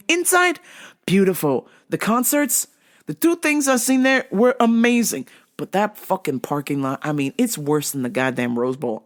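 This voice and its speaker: A woman hosting a talk show, ranting in a profane, emphatic, comic way and laughing through her stories. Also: sits low. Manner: foul-mouthed, emphatic, repeats "okay?". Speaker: show host. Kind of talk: profane comedic rant.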